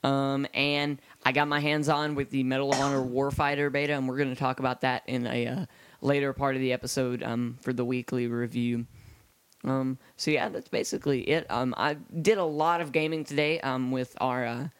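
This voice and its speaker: A man's voice: mid-range voice, level tone, moderate pace, a bit bright, clean tone, no echo. A man co-hosting a casual gaming podcast, his speech hampered by metal in his mouth, rambling with lots of ums and uhs. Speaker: podcast co-host.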